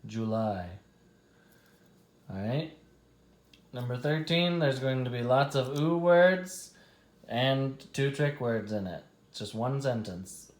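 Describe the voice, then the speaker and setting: A male teacher reads out a spelling test at an unhurried, careful pace. His voice sits in a middle register and carries a noticeable echo from the room around him. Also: medium pitch, darkish tone. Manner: slow, deliberate, stretches out test words.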